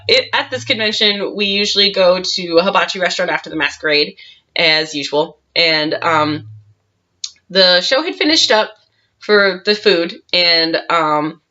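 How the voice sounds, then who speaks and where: Brief: chatty woman cosplayer recounting a story, frequent laughs, bright tone, muffled recording. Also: on the low side. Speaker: cosplayer telling a convention story. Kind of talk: casual storytime vlog. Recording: dull lo-fi sound.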